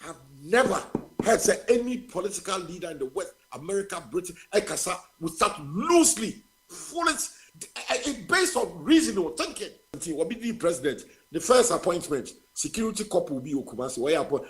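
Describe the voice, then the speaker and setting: A man's voice: sits high, very animated, moderate pace, a bit bright. A man in his seventies with a Ghanaian accent, calling in to a radio show and emphatically condemning the politicians, switching between Twi and English. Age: 70s. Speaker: caller. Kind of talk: heated political call-in.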